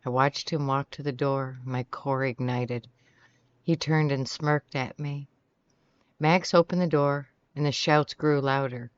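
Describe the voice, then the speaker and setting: Audiobook narrator, mid pitch, even delivery, dry dull recording. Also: measured pace, clean tone, no room sound. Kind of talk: first-person novel reading. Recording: dry, slightly muffled sound.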